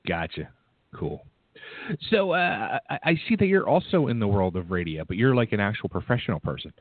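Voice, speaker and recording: A laid-back man hosts a casual radio interview, laughing often and stumbling over his words. His voice sits fairly low. The sound is dry, with no room around it, and thin like a phone line. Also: very animated, fairly quick, no echo.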